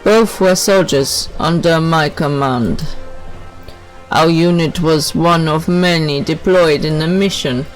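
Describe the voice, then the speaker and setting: A woman's voice: low voice, low-quality recording. A woman doing a stern captain in a Jamaican accent. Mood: grave. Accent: put-on Jamaican. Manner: slow, deliberate reading of game dialogue. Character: stern male military captain reading orders. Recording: faint game music behind.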